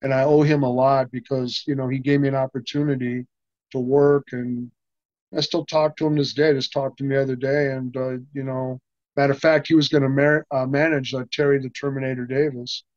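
A man's voice: mid-range voice, level tone, fairly quick, a little mellow, dry recording. An older man, an interview guest, rambling through a story with many restarts and acting out what people said. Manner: rambling, many restarts, acts out quoted dialogue. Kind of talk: casual anecdotal storytelling. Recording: dull, dry sound.

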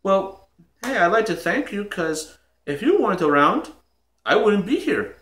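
A man doing a bright, boastful modern video game plumber, voice climbing high and swinging all over, with plenty of unhurried bragging. It sounds like a homemade toy skit, and there's a roomy echo around it. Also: sing-song, heavily acted. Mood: friendly. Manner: upbeat, showing off, teasing. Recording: echoey room.

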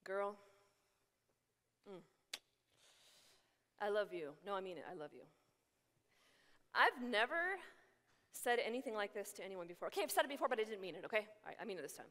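A woman playing a smooth-talking young man who insists he is in love, in a cajoling, pushy way. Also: medium pitch, big pitch swings, brisk, long pauses, a bit bright, pitched below the performer's own voice. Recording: echoey large hall.

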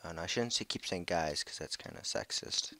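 A young man giving casual gameplay commentary from home on a headset mic, excitable, jumpy and swearing often. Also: low-pitched, brisk, creaky. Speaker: gaming video creator.

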